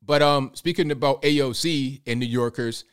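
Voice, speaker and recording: A man's voice: medium pitch, moderate pace, clean tone. A man hosting a casual political commentary stream, rambling and digressing as he talks straight to his viewers. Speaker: livestream host.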